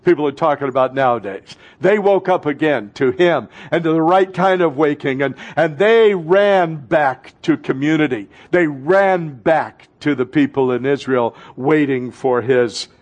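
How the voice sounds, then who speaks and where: A man in the pulpit, preaching with fervor. His voice sits a little high for a man, and he swings from ringing, urgent lines down to near-whispers. It is the sound of a pastor working his congregation. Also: unhurried, hardly any pauses, highs cut off. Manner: fervent preaching, swinging between loud and hushed. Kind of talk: sermon.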